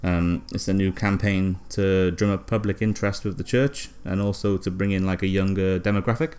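Deep-voiced man, deadpan rambling. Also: brisk, clear, resonant tone. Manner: rambling, hesitant, many fillers. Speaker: podcast co-host. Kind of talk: deadpan comic storytelling.

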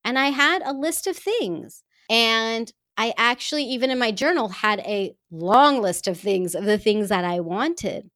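A woman telling a personal story to women listeners in an earnest, heartfelt and expressive way. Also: a little high, a little slow, hardly any pauses, no room sound, studio quality. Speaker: speaker addressing women listeners.

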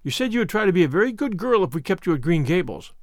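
A man's voice: high-pitched, big pitch swings, quick pace, no room sound. A man doing a stern, dry-tongued spinster. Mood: dry, firm. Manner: strict, dry and reproving. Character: stern, dry middle-aged spinster woman.

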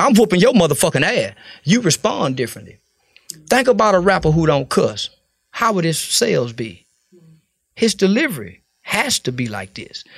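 A man's voice: high voice, fairly bright tone, no echo. A man from Fort Worth, giving an interview in blunt, profane, preachy street talk. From Fort Worth, Texas. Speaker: interview guest.

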